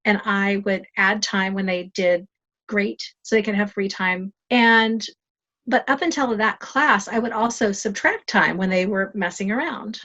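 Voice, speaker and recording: A woman guest on a podcast interview, telling stories in a lively, self-deprecating, humorous way. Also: medium pitch, a little slow, lo-fi sound. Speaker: guest, life coach.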